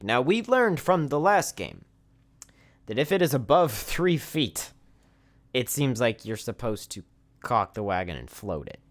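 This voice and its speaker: There's a mid-range male voice here, unhurried and full of big pitch swings. He's doing relaxed let's-play commentary, voicing the game's on-screen text and making fun of himself.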